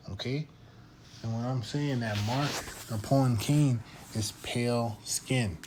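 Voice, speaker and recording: Speaking slowly in a mid-range voice that's a little mellow and slightly rough, this man teaches scripture. He reads the verses in old-fashioned biblical language and keeps asking his listeners "okay?" or "all right?".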